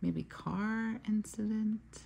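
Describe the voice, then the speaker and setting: This woman in her thirties has a medium-pitched, creaky, mellow voice with fairly even intonation, and she speaks slowly over slight background noise. A planner vlogger, she chats while working in her journal, wandering through stories and asides.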